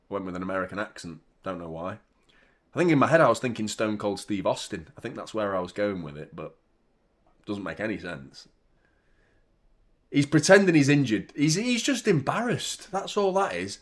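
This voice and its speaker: A young man hosting a live football watchalong, chatting casually with viewers and shouting out at big moments. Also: on the low side, a little slow, pauses often. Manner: laid-back chat that jumps to loud excited reactions. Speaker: watchalong host.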